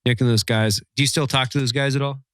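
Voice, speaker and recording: A man's voice: mid-range voice, fairly even intonation, fast, clean tone, no room sound, studio quality. A man chatting enthusiastically on a podcast about a hunting trip. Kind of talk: casual chat.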